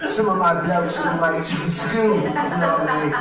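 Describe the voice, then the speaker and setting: A man's voice: fairly high pitch, moderate pace, loud music behind the voice, pitched below the performer's own voice, close to an everyday voice. A man putting on a fake foreign accent. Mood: smug. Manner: put-on accent with slangy asides. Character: man faking a posh foreign visitor. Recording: very echoey, far from mic.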